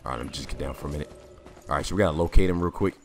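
A man giving casual gameplay commentary, jumpy and prone to sudden loud exclamations, with a slightly raspy voice. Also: rumbling low, rapid-fire, a little hiss or hum. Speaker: gamer.

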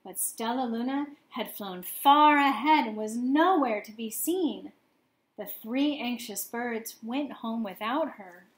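A woman reading a children's picture book aloud, gently pausing to ask her young listeners questions. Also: on the high side, echoey room.

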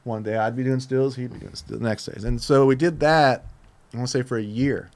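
A man's voice: medium pitch, steady tone, fairly quick, vocal fry, darkish tone. A man in his fifties from Southern California, a podcast guest telling casual, profane stories full of restarts. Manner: loose and profane, with many restarts. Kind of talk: casual storytelling.

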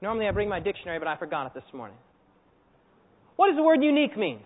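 A man preaching a sermon to a congregation, telling a story with animated energy and quizzing his listeners. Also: high-pitched, racing. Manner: animated storytelling, acts out scenes and quizzes the audience. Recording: echoey hall over a tinny phone-like line.

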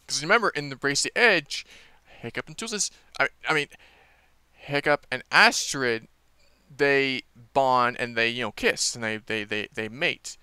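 Bright, crisp man rambling about a trailer. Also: mid-range voice, unhurried, no echo. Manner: rambling, many fillers and restarts. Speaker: movie trailer reviewer. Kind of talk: casual rambling review.

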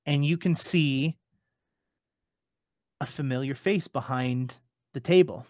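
A man's voice: mid-range voice, darkish tone, dry recording, studio quality. Man narrating as game master. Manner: casual, halting with fillers.

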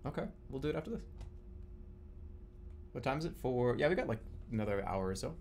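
A man's voice: mid-range voice, animated, brisk, vocal fry, a little mellow, a little hiss or hum. A man hosting a party game stream, bantering and joking in a mock-regal way with his friends. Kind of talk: casual banter over voice chat. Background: game music.

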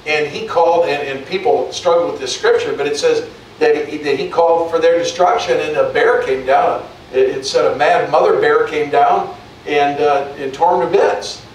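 A man's voice: fairly high pitch, moderate pace, a little hiss or hum. Echoey, slightly distant male preacher. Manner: conversational preaching with many restarts and repeated words. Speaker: pastor. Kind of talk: sermon.

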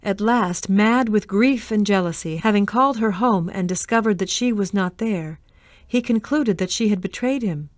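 Woman narrator: measured, expressive storybook reading; mid pitch, dry booth sound. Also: no room sound. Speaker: reader.

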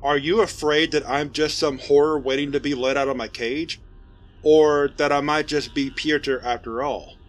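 A man voicing a sly male spirit that speaks from a coffin, in a soft, hushed and mocking way, with faint music behind. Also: on the high side, lively intonation, moderate pace, hardly any pauses, natural voice. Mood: softly taunting.

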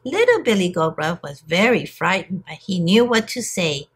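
Woman teacher, storybook read-aloud for kids, very lively pitch, slightly husky. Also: normal speed, few pauses. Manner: expressive, storytelling. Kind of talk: reading a storybook aloud to children.

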